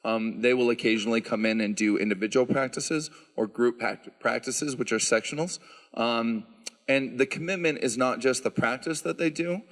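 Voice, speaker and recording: A man at mid pitch fields questions from a concert audience and explains each handbell instrument in an easygoing, explanatory way, with plenty of "um"s. His voice carries a long reverb, as though he were speaking in a church sanctuary. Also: normal speed. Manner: explanatory, relaxed, lots of "um" fillers. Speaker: bell choir director.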